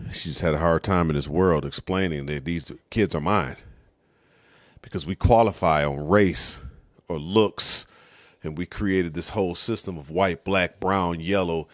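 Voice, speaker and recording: A man hosting his own show in a loose, conversational monologue. He often checks in with the listener as he talks. His voice sits on the low side, and the sound is dry and close. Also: no echo. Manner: conversational, says "you know what I'm saying". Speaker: host. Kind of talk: casual monologue.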